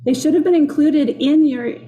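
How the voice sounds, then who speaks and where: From her kitchen workspace, a woman with a Minnesota accent runs a live online cooking class, upbeat and talkative as she welcomes viewers. Her high-pitched voice is warm and moves at normal speed. The room is echoey and the highs are cut off.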